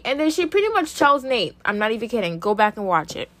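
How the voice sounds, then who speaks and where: A young woman casually recapping a TV episode, chatty and animated, full of fillers, acting out what characters said. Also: fairly high pitch, quick pace, no echo. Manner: animated gossip, lots of "like", acts out characters' lines. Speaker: TV recap vlogger.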